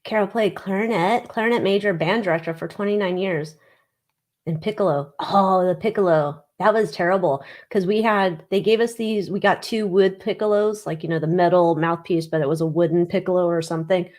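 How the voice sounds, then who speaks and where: A woman's voice: lowish voice, a little fast, darkish tone. A woman hosting a casual livestream, chatting bluntly and reading viewer comments. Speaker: livestream host.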